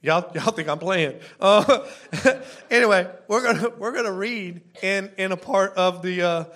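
A man's voice: high voice, a little slow, fairly bright tone. A man in his thirties preaching a casual sermon, chatty, repeating words and asking the congregation questions. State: tearful at times. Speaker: pastor.

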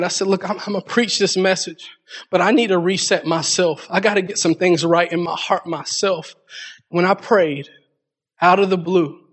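Young male preacher, high-pitched, casual and heated, swings from hushed to loud. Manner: swings from soft, near-whispered confession to high, loud, preaching climaxes; casual, repeats words when heated. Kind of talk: sermon. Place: church room with congregation.

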